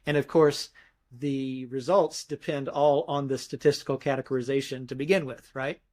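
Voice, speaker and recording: A man with a mid-range, steady voice speaks at normal speed, a little mellow in tone. Interviewed as a scholar, he walks through grammar thoughtfully step by step, often restarting phrases. He mimics emphasis with his voice in his examples, in a conversational academic explanation.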